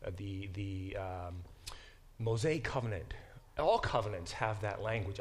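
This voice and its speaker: A man's voice: lowish voice, unhurried. A middle-aged man giving a lecture to a class as its professor, explaining with frequent fillers and restarts. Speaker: professor teaching a Bible class.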